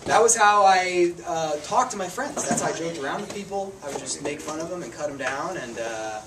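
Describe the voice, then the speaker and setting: A man's voice: on the high side, animated, fairly quick. Man preaching a casual sermon, distant mic. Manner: conversational, self-deprecating storytelling. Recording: distant mic with noticeable room noise.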